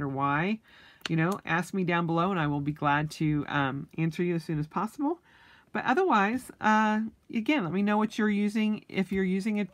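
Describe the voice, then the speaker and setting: Low-pitched young woman rambling about her planner, lots of ums, bit hiccupy. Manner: chatty, many ums and restarts. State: has the hiccups. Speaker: planner vlogger. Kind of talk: casual flip-through chat.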